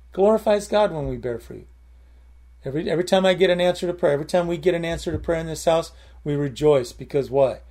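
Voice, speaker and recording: This sermon comes in a slightly high, mellow male voice with a conversational feel. Key phrases get emphatic repetition, and he slips into brief prayers along the way.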